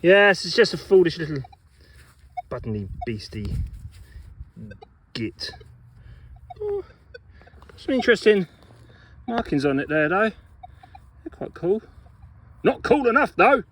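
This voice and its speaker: A man's voice: sits high, huge pitch swings, takes it slowly, pauses often, fairly bright tone, slight background noise. A man metal detecting outdoors, chatting playfully to camera and mock-scolding his finds. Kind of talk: casual talk to camera while detecting. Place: outdoors in a field.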